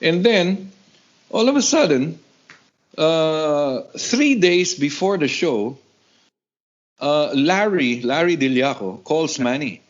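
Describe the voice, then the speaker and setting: A man from the Philippines in his sixties, telling stories in a casual interview, who acts out the other people in a higher voice. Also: slow. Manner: animated, acts out quoted voices in a higher pitch. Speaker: guest rock vocalist. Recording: dull lo-fi audio.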